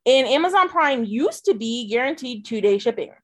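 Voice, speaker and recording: A woman co-host in casual podcast chat, her voice sitting a little high. She talks animatedly and swears freely, and slows down when she reads tasting notes. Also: animated, a bit bright. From mountain ski town.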